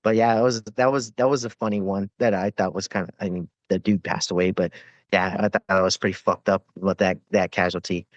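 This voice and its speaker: Casting: male podcast guest, rough-edged storyteller, cursing freely, dry close sound with a dull top end. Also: fairly low pitch, dry recording. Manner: profane, rambling war stories with frequent fillers and laughs. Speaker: podcast guest, former Navy corpsman. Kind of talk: casual storytelling interview.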